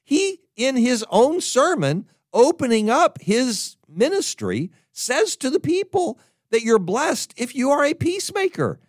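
A man preaching a sermon, emphatic and animated, often stumbling and restarting his words. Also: very high voice, a little slow, no echo, clean studio sound. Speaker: pastor.

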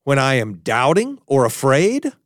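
A man preaching a podcast sermon in an earnest tone, moving between emphatic and hushed. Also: medium pitch, huge pitch swings, unhurried, no room sound, clean studio sound. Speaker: pastor.

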